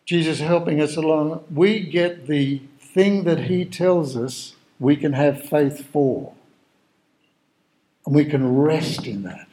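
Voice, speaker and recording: Male preacher, slightly high voice, tells stories from the pulpit and voices the people in them. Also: mellow, poor audio. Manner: conversational storytelling, acting out dialogue. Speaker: pastor. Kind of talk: sermon.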